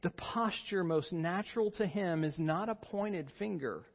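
A man preaching in a church sanctuary, his fairly high voice slow and unhurried. He speaks with earnest emphasis, and the slightly husky sound carries a long hall reverb on a dull, muffled recording. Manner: earnest, rises in pitch and volume for emphasis. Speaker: pastor. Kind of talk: sermon.

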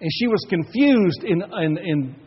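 A pastor with a Texan accent preaching a sermon in a church, telling a story emphatically and swinging from loud to hushed. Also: male voice, high-pitched, lively intonation, measured pace, breathy edge. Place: church sanctuary. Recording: echoey hall, dull lo-fi audio.

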